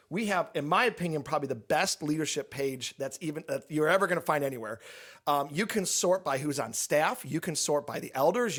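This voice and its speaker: Guy pastor answering church questions, kinda high voice, straight-talking and a bit jokey. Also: a bit bright. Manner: candid, joking, explains at length. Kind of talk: casual church Q&A talk.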